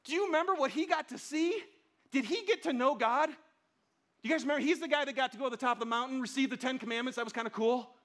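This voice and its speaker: A man preaching a casual, conversational sermon, chatty and lively with playful asides. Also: extremely high pitch, quick pace. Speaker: pastor.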